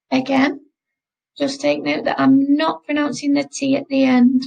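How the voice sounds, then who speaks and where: A woman teaching a recorded French lesson, modelling words slowly and repeating them for learners to copy. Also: sits high, flat delivery, creaky, a little mellow, rough recording. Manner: slow, careful pronunciation drills, repeating words.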